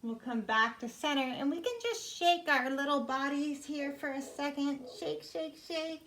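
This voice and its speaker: A woman leading a yoga class for young children at home, talking gently and encouragingly as she guides each step. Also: sits high, normal speed.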